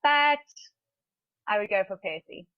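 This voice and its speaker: A woman's voice: medium pitch, lively intonation, measured pace, dry recording, lo-fi sound. A woman co-hosting a sports talk show, making her case in a matter-of-fact, confident way. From South Africa.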